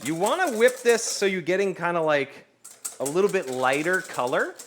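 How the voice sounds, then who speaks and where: Lively, bright-voiced man cooking on stream. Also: high voice, moderate pace, slight background noise. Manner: playful, laughs often, banters with chat. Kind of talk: casual cooking stream chat with viewers.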